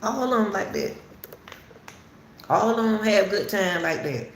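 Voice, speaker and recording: A woman's voice: mid-range voice, lively intonation, unhurried. A woman hosting casual spoken commentary on a case, talking repetitively and emphatically straight to her viewers. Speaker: commentary channel host. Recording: roomy echo, faint background noise.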